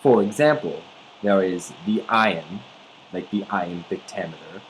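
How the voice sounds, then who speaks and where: Man slowly explaining poetic meter. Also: low-pitched, a little hiss or hum, poor audio. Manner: instructional, spelling out each pattern. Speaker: student presenter.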